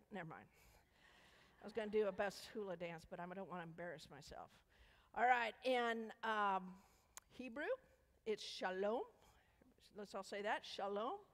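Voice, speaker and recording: Playful woman leading a children's sermon. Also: mid-range voice. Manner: playful, coaxing questions to children. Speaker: children's message leader. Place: church sanctuary. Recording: echoey church hall.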